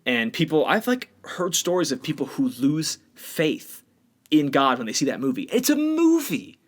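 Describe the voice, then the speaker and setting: A man's voice: fairly high pitch, sing-song, moderate pace. A man co-hosting a podcast, talking bluntly and with strong opinions in a casual discussion. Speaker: podcast co-host.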